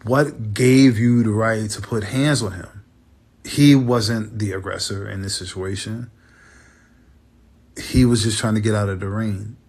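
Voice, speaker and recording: A man hosting a podcast, talking in a halting, emotional, rambling way. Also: fairly low pitch, fairly even intonation, a little mellow, slightly rough. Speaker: podcast host. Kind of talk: casual monologue.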